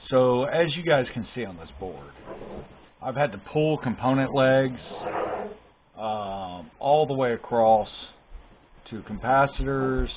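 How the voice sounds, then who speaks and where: An exasperated man talks through a console repair at his workbench, stressing his words about botched work. His voice sits at an ordinary middle pitch. The sound is thin and phone-like, with a faint hiss underneath. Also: animated, slow. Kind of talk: casual repair walkthrough.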